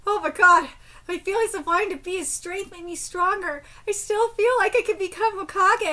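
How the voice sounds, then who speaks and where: During a live stream, a woman reacts to a manga, quietly voicing the translated text and then breaking out in shrieking, laughter and casual swearing. Her pitch is extremely high and her pace moderate.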